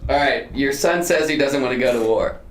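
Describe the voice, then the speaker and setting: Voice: medium pitch, fairly quick. A host leading a casual chat and party game, teasing, laughing a lot and hamming up old-timey voices. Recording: echoey room with noise.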